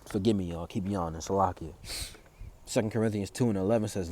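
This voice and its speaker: A man preaching in an informal style, reading scripture and news aloud and then explaining it in loose, halting speech full of fillers and restarts. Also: deep voice, darkish tone. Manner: reads verses aloud, then explains them.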